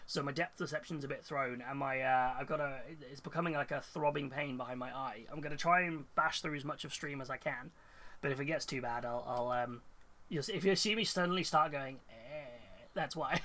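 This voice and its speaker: A man's voice: medium pitch, normal speed, bright, forceful tone. A man with a cold, talking casually and rambling on a live hobby stream, full of fillers and restarts. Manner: rambling, thinks aloud with many fillers and restarts, reads chat. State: congested with a cold.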